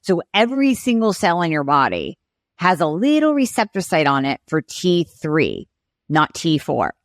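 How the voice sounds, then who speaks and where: A woman guest expert on a podcast interview, explaining clearly and acting out little patient and doctor exchanges. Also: fairly low pitch, wildly swooping pitch, normal speed, no echo, studio quality.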